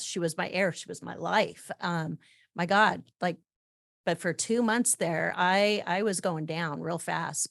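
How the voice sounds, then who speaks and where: A woman's voice: mid-range voice, no room sound, studio quality. Emphatic woman podcast host. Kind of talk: casual conversational interview.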